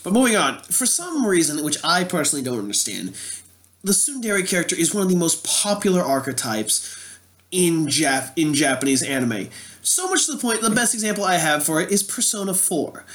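A man's voice: a little high, sing-song, brisk, fairly bright tone. A man in casual chat, blunt and opinionated, who swears freely.

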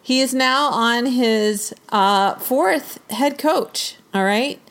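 A woman co-hosting a casual sports chat, launching into an animated, exasperated rant. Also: a little high, very slow. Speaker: podcast co-host.

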